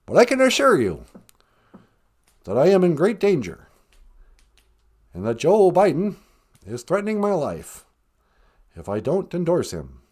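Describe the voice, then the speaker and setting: A man puts on a male ex-president for a comedy call-in bit. His pitch sits a little high and leaps around widely. He speaks in halting, earnest phrases broken by drawn-out pauses. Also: a little mellow, breathy edge, exaggerated voice. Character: male ex-president, measured, halting politician cadence.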